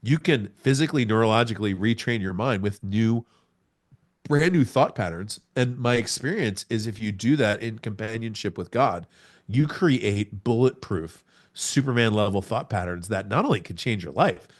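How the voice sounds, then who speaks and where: A man in his forties sharing a personal testimony on a podcast. His voice sits on the low side, and he tells it like a storyteller, acting out moments with sound words. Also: normal speed. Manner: animated storyteller, acts out scenes with sound words. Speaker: podcast guest.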